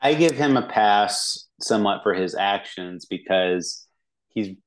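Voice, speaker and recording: Lowish guy rambling thru a movie review, lots of likes and restarts. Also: lively intonation, a little slow. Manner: rambling, many restarts and fillers. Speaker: podcast co-host. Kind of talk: casual movie review chat.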